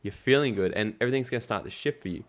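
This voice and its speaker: Fast-talking man with a motivational pitch. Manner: fast, emphatic, casually swearing. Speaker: guest, network marketing coach. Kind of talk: casual motivational interview talk.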